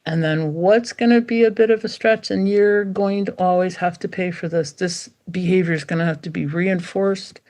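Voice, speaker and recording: In a casual interview, this middle-aged woman, a dog trainer, talks at a normal speed with few pauses in a fairly low voice. She's animated throughout, voicing dogs' thoughts playfully.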